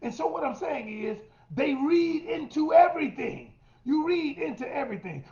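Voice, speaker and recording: A man's voice: very high voice, animated, moderate pace, darkish tone. Middle-aged male relationship coach, emphatic and direct to listeners; roomy, dull lo-fi recording. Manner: emphatic, addresses listeners as y'all, acts out quotes. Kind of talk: coaching monologue to women.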